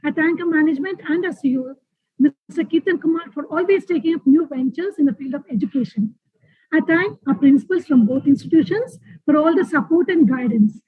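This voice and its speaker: A woman's voice: high-pitched, animated, brisk, dry recording. A woman hosting a school webinar, giving a formal vote of thanks. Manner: formal, reads thanks and a quote. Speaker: school event host. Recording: dry, phone-like call audio.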